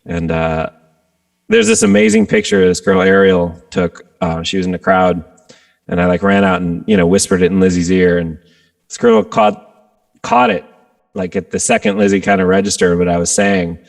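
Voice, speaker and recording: Low gravelly-voiced man telling stories. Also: moderate pace. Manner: animated storyteller, acts out quotes with jumps in pitch. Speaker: guest rock guitarist. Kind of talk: casual interview storytelling.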